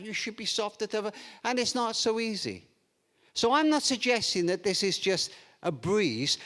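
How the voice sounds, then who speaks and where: Animated older man telling stories. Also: high-pitched. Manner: animated, acts out anecdotes with playful humour. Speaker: parenting speaker. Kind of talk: storytelling seminar talk. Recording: long reverb of a large hall.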